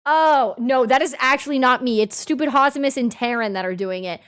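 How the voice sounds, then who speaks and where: A young woman streamer chatting casually with her audience and reading chat aloud, swinging from mumbled asides to loud indignant outbursts. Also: sits high, a little fast, clear, resonant tone.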